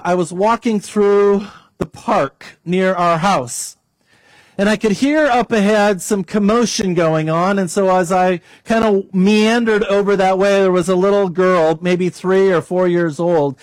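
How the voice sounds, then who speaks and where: A man preaching a sermon as pastor, leading a prayer and telling a story to his congregation. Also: dry recording. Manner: storytelling, prays aloud, varies pitch for emphasis.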